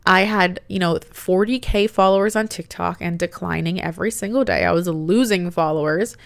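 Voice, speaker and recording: A woman in her late twenties telling a personal story in a chatty, animated way, with a lot of "like" and acted-out quotes. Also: lowish voice, moderate pace, no room sound. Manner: chatty, animated, heavy use of "like". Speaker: podcast host.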